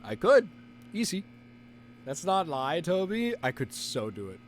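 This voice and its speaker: A man's voice: fairly high pitch, very animated, measured pace, slight background noise. A male streamer chatting casually and playfully with his audience, teasing and theatrically indignant. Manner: playful, theatrical, bickering with chat. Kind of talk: casual live-stream chat.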